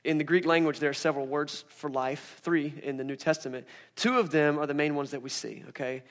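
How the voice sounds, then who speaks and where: A young adult man preaching a sermon as pastor, playful and animated, acting out scripture scenes in voices. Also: fairly high pitch, brisk.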